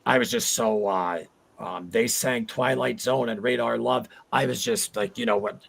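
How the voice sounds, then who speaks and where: A man's voice: medium pitch, lively intonation, normal speed, vocal fry, fairly bright tone. A man in his forties hosting a casual livestream chat, rambling and heartfelt as he reads viewer comments aloud. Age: 40s. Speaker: livestream host.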